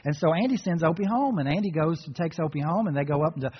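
A man preaching a sermon as a pastor, retelling a story in an earnest, storytelling manner and dropping to soft, reflective tones. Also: a little high, quick pace, breathy edge. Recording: reverberant hall, dull muffled sound.

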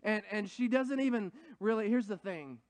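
A man's voice: sits high, normal speed, darkish tone, no echo. A man preaching a sermon in an earnest, conversational way, building up to emphatic points. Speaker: pastor.

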